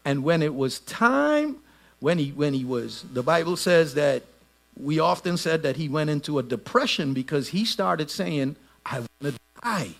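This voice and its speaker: High, lively preaching man. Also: a little slow, gravelly. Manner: lively preaching, shouts and drops to soft asides. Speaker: pastor. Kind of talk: sermon.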